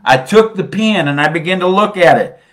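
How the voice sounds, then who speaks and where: A man preaching a sermon, swinging between soft and loud and stretching out phrases for emphasis. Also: sits high, expressive, brisk.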